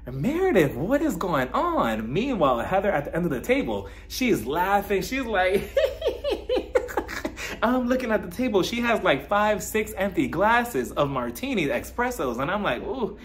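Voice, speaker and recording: A man's voice: high voice, big pitch swings, moderate pace, fairly bright tone. A man recapping a reality show in a casual, gossipy way, laughing often and acting out quotes.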